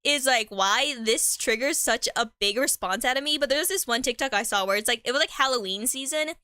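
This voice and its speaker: A woman's voice: on the high side, brisk, bright, forceful tone, no room sound, clean studio sound. A woman chatting casually on a live stream, rambling in slang and laughing often.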